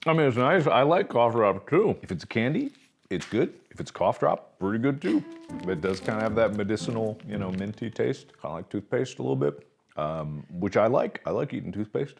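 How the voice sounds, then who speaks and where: A man's voice: fairly low pitch, animated, fairly quick, gravelly, soft background music. Jokey man rambling through a snack review. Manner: jokey, rambling, talks while chewing. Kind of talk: casual snack review vlog.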